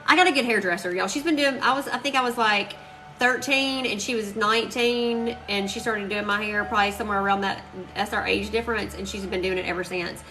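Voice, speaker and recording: A woman's voice: medium pitch, brisk, bright, forceful tone, soft background music, rough recording. A woman chatting and telling rambling stories to her live-stream viewers while she crafts. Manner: chatty, rambling storyteller, addresses viewers as y'all. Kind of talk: casual chat while crafting. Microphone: phone live stream.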